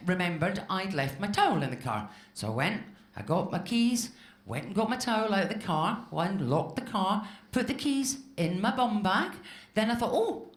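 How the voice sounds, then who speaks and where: Stand-up comic, woman in her fifties, salty and animated, live club with a roomy sound. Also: lowish voice. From Scotland. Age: 50s. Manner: swears freely, acts out quoted voices. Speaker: stand-up comedian. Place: comedy club stage with live audience.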